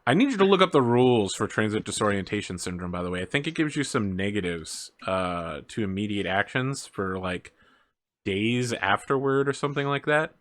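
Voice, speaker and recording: A man running a tabletop game as game master, narrating the scene in a relaxed way with fillers and quick asides. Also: lowish voice.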